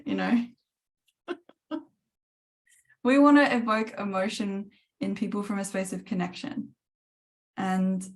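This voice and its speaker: A woman in her thirties coaching writers on a live webinar, chatty and animated, laughing often. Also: medium pitch, vocal fry. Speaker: writing coach.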